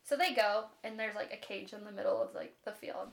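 With a creaky, mid-range voice, a young podcast co-host chats with animation about a book, cursing freely and tossing off quick impressions of its characters in casual asides.

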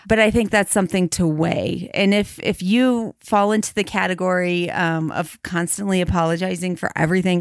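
A woman in her thirties co-hosting a faith podcast, talking in a thoughtful, measured way and slowing down to spell out examples. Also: fairly low pitch, fairly even intonation, smooth, dry recording, clean studio sound. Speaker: podcast co-host. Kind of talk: casual conversation about marriage and faith.

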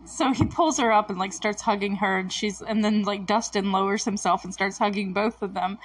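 A woman's voice: medium pitch, expressive, moderate pace, hardly any pauses, fairly bright tone. A woman recapping a TV episode in a chatty, emotional way, with lots of fillers and self-corrections. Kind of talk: casual recap commentary.

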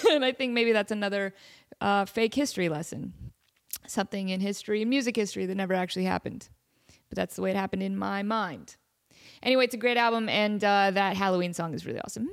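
A woman's voice: medium pitch, expressive, a little fast. A young woman hosting her podcast who rambles on in a casual, playful way. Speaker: podcast host.

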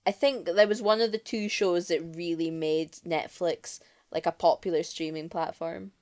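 A woman's voice: lowish voice, fairly even intonation, moderate pace, a little mellow. A woman co-hosting a podcast in casual chat, playful and chatty, trailing off with fillers. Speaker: podcast co-host.

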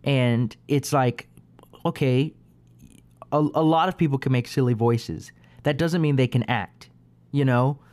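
A man hosting a casual chat, talking in an animated way and working through examples. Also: medium pitch, measured pace, long pauses.

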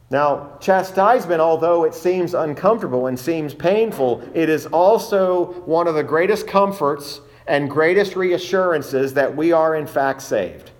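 A man preaching an expository sermon in a measured, emphatic way, slowing down to stress key phrases. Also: fairly high pitch.

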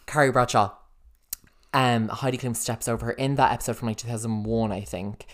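Young male co-host, rapid-fire, sassy, profane, animated. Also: mid-range voice. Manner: animated, sassy and profane, quick to take mock offence. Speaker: podcast co-host. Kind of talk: casual chat.

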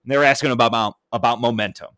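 A man co-hosting a casual wrestling podcast, animated and quick to laugh, often mimicking shouting fans as he tells a story. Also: mid-range voice, dry recording, clean studio sound. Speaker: podcast co-host.

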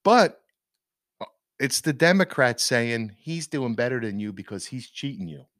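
A man holds forth on a casual podcast, emphatic and ranting, often restarting his sentences. His pitch rises and falls widely. The sound is dry and close. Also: very animated, measured pace, fairly bright tone, dry recording. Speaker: podcast co-host. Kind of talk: casual opinion chat.

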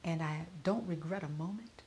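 A grieving middle-aged woman speaks in a fairly low voice, her words often sinking into a soft whisper. It is a personal reflection, recorded with a faint hiss underneath. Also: normal speed. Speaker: podcaster.

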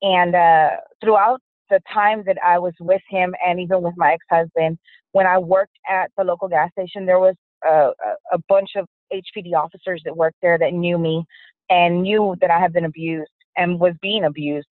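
A woman, a guest telling her own story in an interview, frank and steady, with many fillers. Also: lowish voice, normal speed, dry recording. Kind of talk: personal testimony interview. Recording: dry, tinny phone-line sound.

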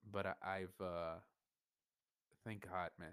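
A man's voice: sits low, level tone, normal speed, fairly bright tone, clean tone, no echo, studio quality. A young man hosting a podcast, venting in an emotional, rambling monologue full of swearing and restarts. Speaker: podcast host.

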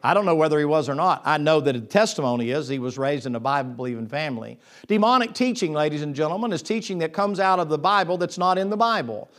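High-voiced preacher. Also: male voice, fast. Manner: swings from low confiding tones to loud excited preaching, with restarts. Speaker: pastor. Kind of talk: sermon.

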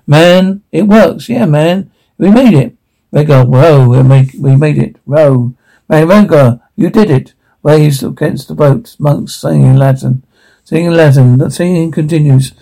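A man reading a drama script aloud, sound cues and all, in a halting way with frequent restarts. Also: on the high side, creaky, mellow, poor audio.

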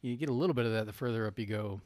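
A lowish-voiced man from North Carolina chatting casually as a podcast co-host. He rambles, piling on "like" and "you know", and laughs easily. The recording is close and dry, with no room sound. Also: rapid-fire, darkish tone, dry recording. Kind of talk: casual chat.

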